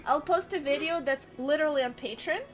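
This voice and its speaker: A woman's voice: sits high, fairly quick. A woman hosting a game stream, chatting casually in a giggly, bubbly way and laughing often.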